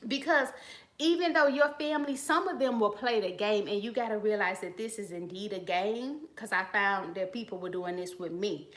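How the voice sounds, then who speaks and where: A woman's voice: mid-range voice, normal speed, fairly bright tone. A woman hosting a live stream from her phone, casually and bluntly preaching advice in slangy talk while greeting viewers in the chat. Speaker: channel host giving advice.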